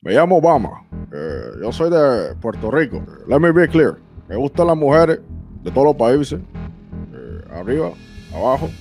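A man's voice: medium pitch, huge pitch swings, a little mellow, faint music behind. A man doing a mock-solemn president in Spanish. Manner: exaggerated, with long pauses. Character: male president making a halting speech in Spanish.

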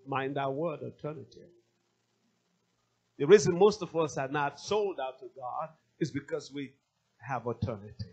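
A man's voice: mid-range voice, normal speed, pauses often, a little mellow, breathy edge. A male pastor preaching a sermon, emphatic and repeating his key phrases.

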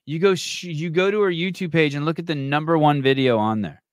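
A podcast host with a slightly high male voice talks fairly quickly in casual chat, rambling, swearing often and restarting his sentences a lot. The recording is clean studio sound with no echo.

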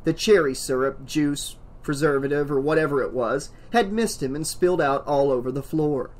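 Higher-voiced man narrating a horror audiobook. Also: moderate pace.

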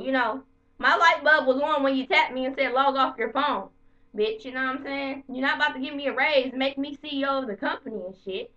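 A high-voiced woman vents to camera in a casual vlog, swearing and animated as she tells her story. Her voice is bright and sharp. The home recording sounds dull and lo-fi. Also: far from the mic. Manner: profane, heated, animated storytelling. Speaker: vlogger.

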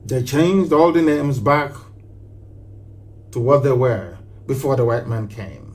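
A man's voice: mid-range voice, slow pace, darkish tone. A man giving a live broadcast speech as a political activist, impassioned and preachy, hammering home rhetorical questions and repetitions. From southeastern Nigeria.

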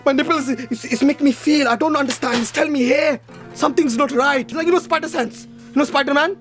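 A man playing a loud, vain, bossy shop boss, shouting and scolding his staff in a comedy sketch. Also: very high voice, quick pace. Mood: bragging. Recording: music playing behind the voice.

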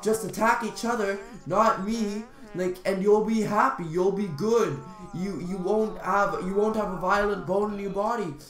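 High-voiced young man in a roomy echo. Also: steady tone, measured pace, a bit bright. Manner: rambling, jokey, talks to the game characters. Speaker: gaming channel host. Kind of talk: gameplay commentary.

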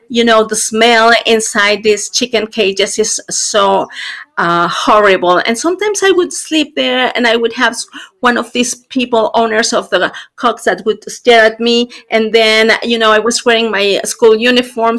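A woman giving a simultaneous interpretation into English, halting as she goes, with frequent fillers and self-corrections. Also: medium pitch, pushed and bright. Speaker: conference interpreter.

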